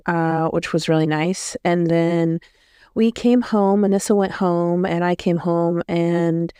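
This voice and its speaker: A woman's voice: on the low side, a little mellow, smooth, dry recording, studio quality. A woman vlogger telling a story in a casual, rambling way, often correcting herself. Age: adult.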